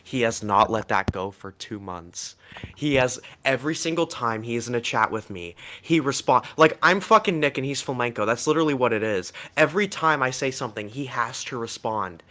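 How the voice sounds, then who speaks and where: A man's voice: mid-range voice, expressive, sharp tone. A man telling a long rambling story on a voice chat, tumbling over fillers and restarts and swearing freely. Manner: rapid rant, full of fillers and restarts, swearing. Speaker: guest on a stream call.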